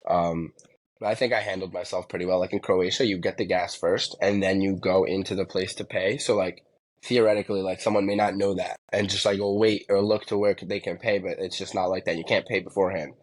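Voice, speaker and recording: A man from New Jersey, a podcast guest, telling a travel story in a casual, rambling way, full of fillers. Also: deep voice.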